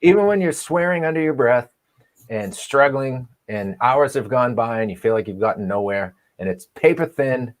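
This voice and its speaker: A male host in casual conversation, quick to joke and laugh. His voice sits at an ordinary middle pitch, relaxed and unforced. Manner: joking, laughs easily. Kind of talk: casual chat.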